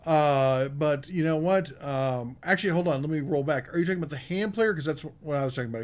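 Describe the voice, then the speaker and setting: A man hosting a live podcast about tools, reading viewer comments aloud and answering them in a casual, rambling way. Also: fairly high pitch. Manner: casual and rambling, with many fillers. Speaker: podcast host.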